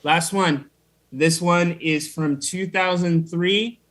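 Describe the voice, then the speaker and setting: This is a man co-hosting a laid-back chat show who quizzes his partner with dry teasing. He talks at an unhurried pace in a slightly raised voice. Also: fairly high pitch, fairly even intonation, a bit bright. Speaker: co-host. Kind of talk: casual podcast banter.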